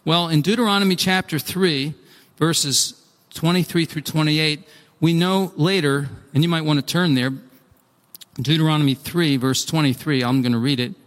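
A man preaching a sermon, animated and acting out pleas, with frequent restarts. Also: on the high side, moderate pace. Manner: animated, acts out pleading voices, restarts often. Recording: long hall reverb.

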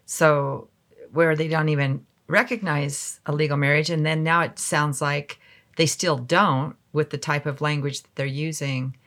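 A woman's voice: deep voice, steady tone, unhurried, fairly bright tone. A woman co-hosting a podcast, chiming in with short agreements and comments. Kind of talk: casual podcast conversation.

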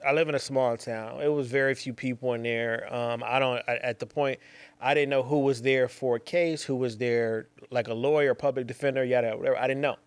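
A man's voice: mid-range voice, steady tone, a little fast, clear, resonant tone, dry recording. Young male host, casual rambling storyteller, mid-range voice, dry recording. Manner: rambling, repeats phrases, slangy asides. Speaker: podcast host.

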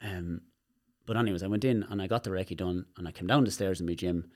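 An Irish man, a guest on a podcast, telling personal stories in an animated way and swearing freely. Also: deep voice, fast talker. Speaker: guest, movement specialist. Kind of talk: podcast conversation.

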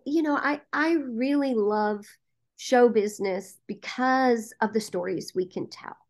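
Speaking at a medium pitch, this woman is a casting director and producer guesting on a podcast interview. She recounts a story in an animated way, with plenty of "um" fillers along the way.

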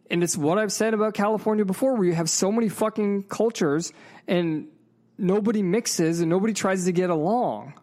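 A man's voice: sits high, a little mellow. A man in a casual, profane storytelling rant, emphatic and heated, with frequent asides to the viewer. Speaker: vlogger.

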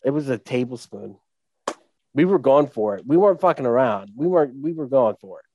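A man's voice: mid-range voice, animated, a little fast, mellow, lo-fi sound, slight background noise. A man in casual podcast chat, joking and profane, telling his own crude story. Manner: joking, profane, laughs often.

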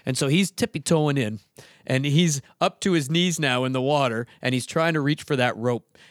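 Animated storytelling man, bright voice. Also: on the high side, dry recording, studio quality. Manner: animated, acts out voices, laughs through the telling. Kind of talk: casual chat, telling a story.

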